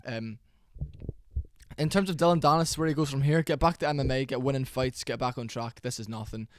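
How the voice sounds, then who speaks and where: A young man giving a casual, rambling reaction commentary, tired and low on energy, with fillers and swearing. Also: fairly quick, slight background noise. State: sleepy, worn out. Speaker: MMA reaction channel host.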